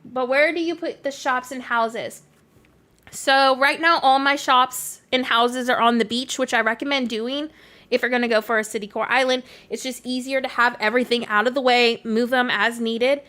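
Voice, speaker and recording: A woman from Canada talks casually on a live stream with a slightly high voice, her Canadian accent blending with a Southern American twang. She answers her chat in a chatty, easygoing flow, full of "like" fillers. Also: steady tone, normal speed, bright, forceful tone. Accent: Canadian mixed with American Southern. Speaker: game streamer.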